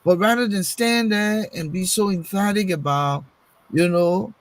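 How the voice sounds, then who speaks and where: Emphatic high-voiced man. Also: unhurried, poor audio. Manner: emphatic, rhetorical questions, repeats words while searching. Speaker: panelist on a political talk show. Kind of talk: casual political discussion.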